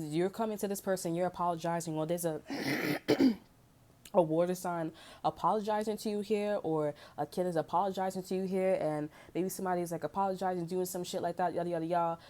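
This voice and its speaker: In an unscripted, casual tarot-reading monologue, a blunt, profane woman talks in street slang. Her lowish voice is mellow, and she clears her throat frequently.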